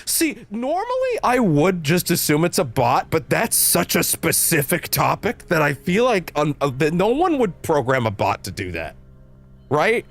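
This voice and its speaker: A man livestreaming a game, ranting animatedly and swearing freely at his chat. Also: measured pace. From Canada. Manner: animated, profane ranting with shifting pitch.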